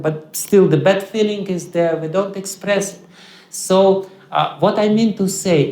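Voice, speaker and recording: Russian-accented male teacher, high-ish voice, halting lecture, roomy echo. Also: a little mellow. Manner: halting, many fillers and restarts. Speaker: spiritual teacher. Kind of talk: lecture on scripture. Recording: echoey hall.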